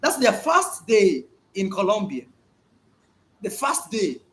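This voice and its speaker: Male vlogger, animated storyteller, high lively voice, faint noise behind. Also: takes it slowly. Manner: animated, emphatic storytelling with repetitions. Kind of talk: casual vlog monologue. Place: at home, indoors.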